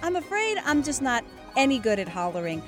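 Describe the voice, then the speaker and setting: A woman putting on a polite, proper little girl's voice for a storybook, pitched up high above her own and lively. The girl sounds earnest and well-mannered, with a soft tune playing faintly behind. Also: normal speed, music in the background. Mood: prim. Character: prim polite young girl Alice.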